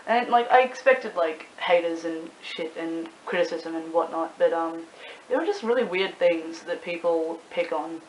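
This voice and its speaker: A woman's voice: fairly low pitch, normal speed. Chatty, swearing young Australian woman. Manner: chatty, swears freely, rambling with many fillers. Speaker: YouTuber and club promoter. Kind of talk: casual talking-to-camera vlog. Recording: echoey room with faint hiss.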